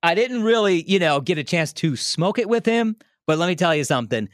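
A man telling a story in a casual, animated way, laughing often and restarting his sentences. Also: sits high, fairly quick, no room sound, clean studio sound. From Milwaukee area, United States. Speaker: radio host telling a story as a podcast guest.

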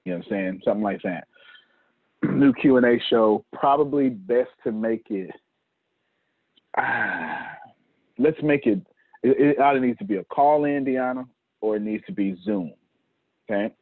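A man's voice: fairly low pitch, normal speed, pauses often, no echo. A man hosting a casual business team meeting, joking and laughing as he gives out tasks. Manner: laughing, joking, repeats himself. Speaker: host leading a team meeting. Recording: tinny phone-like line.

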